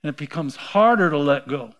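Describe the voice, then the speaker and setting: A middle-aged man preaching a sermon, telling a personal story and acting out the quoted voices, swinging between quiet asides and loud outbursts. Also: fairly high pitch, lively intonation, fairly quick. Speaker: pastor.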